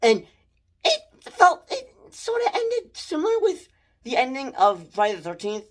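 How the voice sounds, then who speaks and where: A young man giving a casual spoiler movie review, rambling and excitable, with many restarts and mild swearing. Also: very high-pitched, measured pace.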